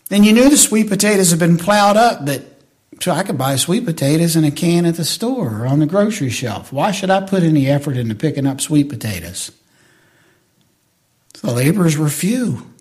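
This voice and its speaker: A man's voice: on the high side, darkish tone. A man preaching a sermon as a pastor. He tells folksy stories, asks the congregation to agree with him, and builds to emphatic preaching.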